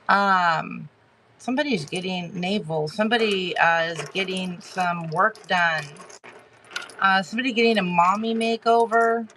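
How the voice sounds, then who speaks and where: A woman giving a live tarot reading to her chat, talking haltingly with many fillers and restarts and greeting viewers by name. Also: mid-range voice, pushed and bright, a little hiss or hum. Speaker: tarot reader hosting a live stream.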